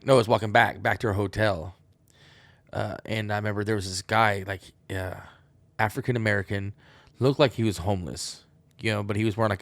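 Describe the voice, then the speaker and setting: Gravelly, rambling, foul-mouthed guy. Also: lowish voice, dry recording. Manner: profane, rambling, wisecracking. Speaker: podcast host. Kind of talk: rambling solo podcast monologue.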